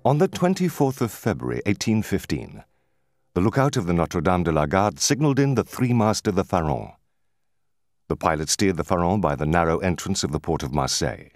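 A man narrating a classic novel as an audiobook in a measured, expressive reading. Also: low-pitched, dry recording, clean studio sound. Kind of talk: scripted narration.

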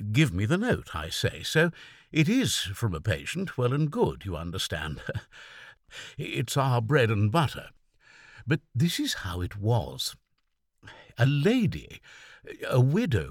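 A man's voice: fairly low pitch, dry recording, clean studio sound, heavily acted. A man voicing a sensible middle-aged country doctor who talks freely with some humour, in a weak, quavering voice.

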